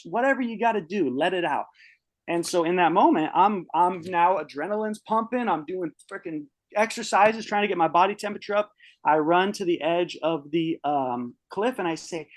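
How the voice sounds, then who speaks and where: A young man telling a story from his own life in a casual, profane, animated way. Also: a little high, dry recording. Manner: profane, animated storyteller who shouts out his quoted outbursts. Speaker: podcast guest.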